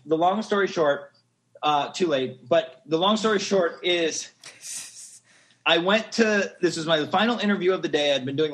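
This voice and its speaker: A man in his thirties, a podcast guest, telling a story in a casual, animated, gushing way and acting out the quotes. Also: a little high.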